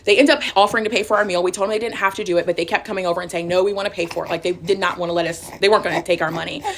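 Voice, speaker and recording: Fast-talking woman telling a story. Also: on the low side, a little hiss or hum. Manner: animated, sassy storytelling. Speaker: vlogger. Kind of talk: get-ready-with-me storytime.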